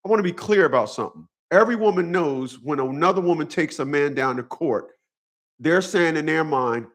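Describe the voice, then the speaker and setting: A man's voice: a little high, expressive, moderate pace, a bit bright. A man talking straight to his viewers in a casual monologue, profane and repetitive, with a preachy storytelling manner. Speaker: vlogger.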